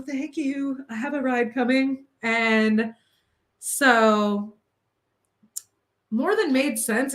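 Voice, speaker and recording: A woman vlogger recounting a personal story in a casual, emotional way, with a lot of filler words. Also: medium pitch. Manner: emotional, tumbling, filler-heavy retelling.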